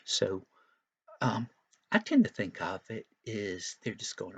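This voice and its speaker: A man's voice: fairly low pitch, moderate pace, creaky, husky. A man teaching Sunday school, retelling a Bible story for young children in a folksy, explanatory way with frequent asides.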